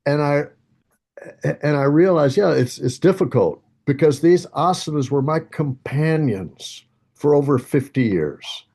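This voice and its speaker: A man's voice: a little high, animated, measured pace, mellow, slightly rough. A man in his sixties, a senior yoga teacher, telling a personal story on a video call with humor and self-mockery, acting out other voices and laughing often. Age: 60s.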